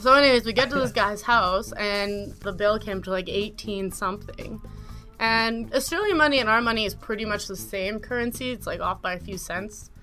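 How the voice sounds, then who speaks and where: A woman's voice: medium pitch, normal speed, pushed and bright, faint music behind. A young woman telling a story in casual podcast chat, rambling, saying "like" a lot and laughing often. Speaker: guest storyteller.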